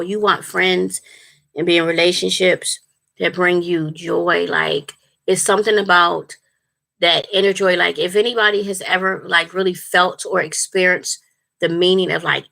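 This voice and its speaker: Gravelly, bright-voiced woman chatting. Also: fairly low pitch. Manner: rambling, earnest, many fillers and restarts. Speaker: spiritual life coach and channel host. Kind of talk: casual livestream talk to viewers.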